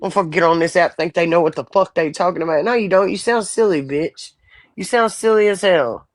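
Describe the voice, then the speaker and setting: A woman's voice: fairly low pitch, brisk, dry recording, clean studio sound. A woman in her forties chatting bluntly and profanely on a live stream. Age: 40s. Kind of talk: casual live stream chat.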